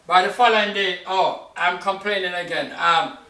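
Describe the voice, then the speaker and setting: Guy preaching, pretty high bright voice, keeps firing off questions, sounds far from the mic in a boomy room. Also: normal speed. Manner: emphatic, with sudden pitch leaps and rhetorical questions. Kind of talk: sermon. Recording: echoey room, mic at a distance.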